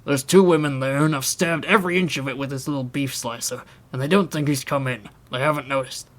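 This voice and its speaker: A man's voice: mid-range voice, fairly even intonation, a little fast, fairly bright tone, close to an everyday voice. A man reading an audiobook, voicing a burly, blunt male barman who is flustered.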